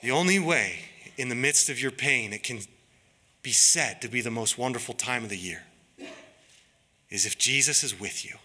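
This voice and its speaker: A man preaching a sermon as pastor, in an earnest, pleading, deliberate way. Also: mid-range voice, bright, forceful tone. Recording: long reverb of a large hall.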